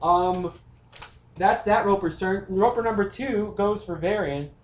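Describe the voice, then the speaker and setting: A man's voice: high voice, measured pace, echoey room. A man running a tabletop game as game master, chatty and laughing often, with frequent ums.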